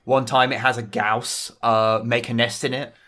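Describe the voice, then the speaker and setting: Male podcast host, bright tone, rambling casual recap. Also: medium pitch, level tone, normal speed. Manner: rambling recap with many ums and asides. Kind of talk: casual film-review chat.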